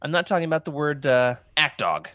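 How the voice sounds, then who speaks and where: Male podcast host, lively up-and-down delivery, jokey, dry close-mic sound. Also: fairly high pitch, a little fast, no room sound. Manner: animated, joking, reads out chat comments. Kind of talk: casual livestream podcast chat.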